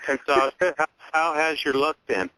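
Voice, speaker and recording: A man, co-hosting a radio chat and asking slow, drawling questions. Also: on the high side, sharp tone, dry recording, rough recording. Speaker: co-host.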